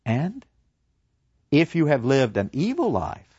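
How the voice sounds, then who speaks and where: A man's voice: a little high, wildly swooping pitch, takes it slowly, darkish tone, husky, no room sound, dull audio, heavily acted. A man voicing a serene old male philosopher awaiting execution, preaching earnestly and acting out other voices. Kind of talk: dramatic storytelling.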